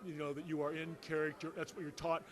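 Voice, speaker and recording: A man with a slightly raised pitch reminisces about a colleague. He speaks in an expansive way and acts out the quotes. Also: flat delivery, fast, crowd noise. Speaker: soap opera actor. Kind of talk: casual reminiscing.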